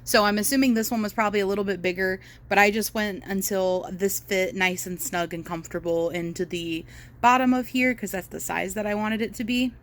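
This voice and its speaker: Speaking a little fast in a medium-pitched, slightly bright, steady voice, a young woman casually walks viewers through a crochet project at home. As a crochet vlogger, she uses plenty of fillers and self-corrections.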